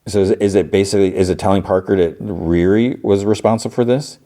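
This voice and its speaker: A man's voice: fairly low pitch, fairly even intonation, fast talker, warm tone. A man hosting a podcast, retelling a TV episode in a rambling, casual way with lots of fillers. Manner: rambling, filler-heavy retelling with acted-out quotes. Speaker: podcast host.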